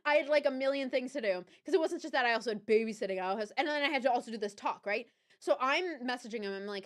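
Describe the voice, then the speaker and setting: A young woman hosting a livestream with a Southern US accent, casually telling a personal story to her chat, chatty and animated, often correcting herself and laughing. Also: sits high, a little fast. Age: young adult. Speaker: livestream host.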